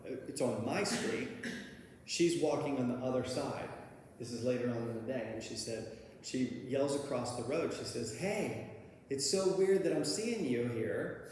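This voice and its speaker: Speaking at medium pitch with a darkish tone, a man shares how he recovered, laughing at parts of his own story as he goes. It's loose, rambling talk packed with fillers and false starts. There's slight background noise, and the room is a very echoey hall with long reverb.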